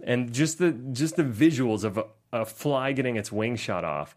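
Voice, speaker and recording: A man's voice: medium pitch, normal speed. A man hosting a film podcast, chatting casually and acting out scenes with jokes. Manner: animated, jokey, acts out scenes. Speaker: podcast host.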